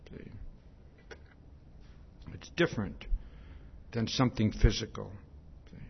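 A man's voice: on the low side, slow, vocal fry, husky. A male preacher giving an expository Bible sermon, emphatic, often asking "see?" to drive each point home. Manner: repeats "see?" often, emphatic, lively rises and drops. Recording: dull lo-fi sermon recording.

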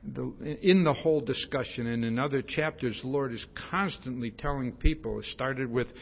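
In a dull lo-fi recording, a male preacher with a mid-range voice, vocal fry and a breathy edge delivers an expository Bible sermon at normal speed. He is emphatic, with lively rises and drops, and keeps asking "see?" to drive each point home.

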